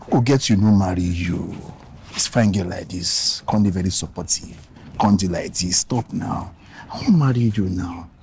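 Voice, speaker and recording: A man's voice: low-pitched, moderate pace, gravelly, a little mellow, slight background noise. A young man with a Nigerian accent, pleading and coaxing in film dialogue. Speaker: poor young lover.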